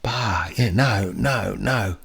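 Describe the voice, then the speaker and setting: Animated older man telling stories. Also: on the low side, vocal fry, slightly rough. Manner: animated, acts out dogs and people in quick voices. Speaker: podcast guest storyteller and dog trainer. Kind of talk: casual chat.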